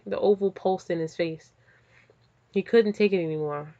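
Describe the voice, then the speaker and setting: A woman casually reading fanfiction aloud and breaking off into profane, animated comic asides. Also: fairly low pitch, moderate pace, long pauses. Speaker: fanfiction reader and reactor. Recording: slightly dull lo-fi audio.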